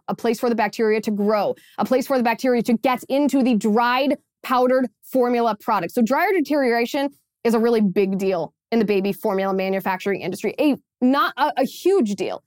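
A woman's voice: on the high side, dry recording. Woman podcast host, pointed and sarcastic, dry studio sound. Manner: emphatic, sarcastic, repeats phrases. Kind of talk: opinion commentary.

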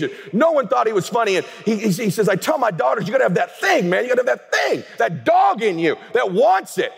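A man's voice: sits high, gravelly, breathy edge. A man giving a motivational keynote speech on a large event stage, telling stories with energy and emphasis. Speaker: keynote speaker. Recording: echoing large hall.

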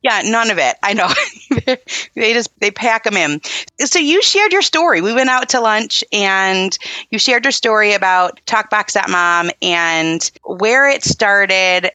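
A woman hosting a casual podcast interview, affirming and quick to agree and laugh with her guest. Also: mid-range voice, sharp tone, no echo. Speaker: podcast host.

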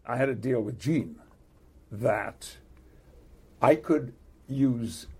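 An older man with a British accent, chatting in an interview, halting with many restarts and frequent chuckles. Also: mid-range voice, warm tone, husky. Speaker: actor being interviewed. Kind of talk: casual interview chat.

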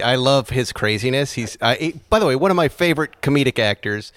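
Jokey podcast host, smooth voice. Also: male voice, medium pitch, a little fast, few pauses, a bit bright, dry recording, studio quality. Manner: jokey, laughs often, rambling. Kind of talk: casual chat.

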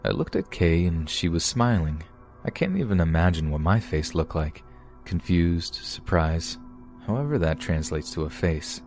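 A man calmly reading true scary stories aloud as a podcast narrator. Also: deep voice, unhurried, soft background music. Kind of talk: scripted horror story narration.

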